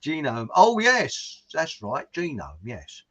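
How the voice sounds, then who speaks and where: A man's voice: a little high, huge pitch swings, takes it slowly, a bit bright. A man hosting a casual chat, reading out viewer comments in a rambling way and chuckling at his own jokes. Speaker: show host. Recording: muffled lo-fi audio.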